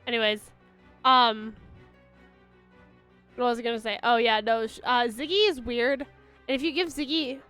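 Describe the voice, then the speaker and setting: Young woman streamer rambling to chat, high voice, lots of ums, faint music behind. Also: steady tone, a little slow, long pauses, bright, forceful tone, smooth. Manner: chatty, rambling, many fillers and restarts; baby-talk to her dog. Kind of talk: casual chat with viewers.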